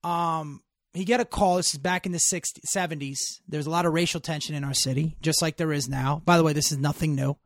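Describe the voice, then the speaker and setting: A man with a gravelly, fry-heavy voice tells emphatic stories laced with profanity. He sits slightly high in pitch, and the sound is dry and close, with no room echo. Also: steady tone, brisk. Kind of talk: casual storytelling chat.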